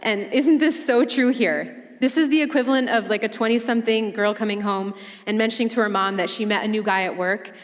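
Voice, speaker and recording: A woman teaches a women's Bible study in a relaxed, conversational way and mixes scripture with humorous asides. Her voice sits in a middle range. A long reverb trails behind her, as in a large hall. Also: medium pitch, brisk.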